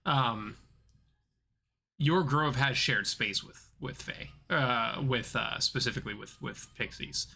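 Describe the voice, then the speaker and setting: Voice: mid-range voice, vocal fry, sharp tone, slight background noise. A game master from southern North Carolina, narrating a tabletop game with many restarts and fillers. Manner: halting, many restarts and fillers while describing.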